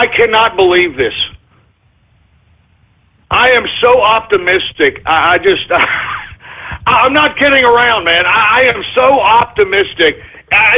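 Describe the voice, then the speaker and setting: Husky guy hosting a radio show, ranting and yelling, sounds like it's over a phone line. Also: high voice. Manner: loud irritated ranting with shouted bursts. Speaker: radio talk show host. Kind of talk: ranting internet radio monologue. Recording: tinny phone-like radio stream.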